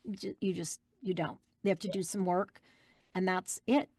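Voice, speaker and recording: A woman's voice: on the low side, steady tone, moderate pace, a little mellow, breathy edge, no room sound. A woman guest voice actress giving an emphatic interview answer, insisting on her point and repeating key phrases.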